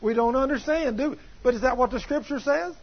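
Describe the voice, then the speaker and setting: Man preaching, high and husky voice, folksy, quizzes the congregation, dull lo-fi recording. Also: a little fast. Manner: folksy, rising to shouts, asks the congregation questions. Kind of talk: sermon with retold testimony. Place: church.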